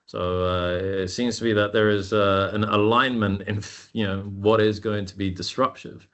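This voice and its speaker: A man with a fairly low voice hosts a webinar question session over a video call. He speaks loosely and casually, filling pauses with ums. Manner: loose, filler-heavy, relaxed. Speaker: webinar host. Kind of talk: hosting a webinar Q&A.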